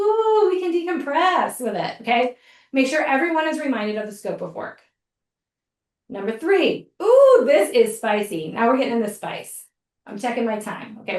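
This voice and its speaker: Woman coach, lively conference talk, teasing, fairly high voice, echoey hall heard from a distance. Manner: spirited, teasing, laughs often, addresses audience directly. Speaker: conference speaker and grant writing coach.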